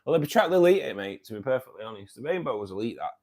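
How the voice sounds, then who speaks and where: A man's voice: medium pitch, very animated, rapid-fire, darkish tone. A man hosting a casual livestream. He reads out viewers' chat, says "mate" a lot and laughs often. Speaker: livestream host reading chat.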